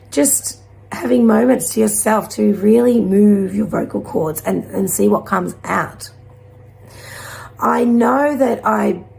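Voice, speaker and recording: A woman leads a spiritual card reading in a gentle, encouraging way. Her voice sits in the middle of the range and carries heavy vocal fry throughout. She drifts between thoughts in a loose, rambling flow. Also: medium pitch. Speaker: intuitive card reader.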